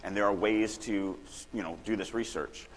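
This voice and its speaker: A middle-aged man from Louisiana giving a casual, animated writing workshop talk at a conference, acting out quoted lines now and then. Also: fairly low pitch, moderate pace. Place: conference hall. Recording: long hall reverb, faint room noise.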